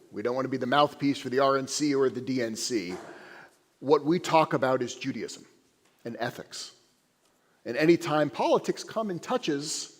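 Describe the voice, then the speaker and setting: A man giving a sermon as a rabbi, an animated, conversational storyteller speaking in a synagogue sanctuary. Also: mid-range voice. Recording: echoey sanctuary.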